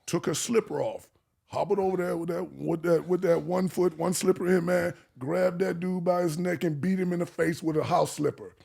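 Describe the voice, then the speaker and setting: A man from Arkansas telling an animated life story as a podcast guest, acting out the people he quotes and swearing freely. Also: high voice, normal speed, creaky, husky. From Arkansas, USA.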